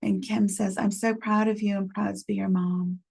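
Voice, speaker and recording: Gentle gravelly-voiced woman guiding a group. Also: mid-range voice, level tone. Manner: gentle, unhurried, reads chat messages aloud. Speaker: medium leading a healing workshop. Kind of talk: guided reflection for a support group.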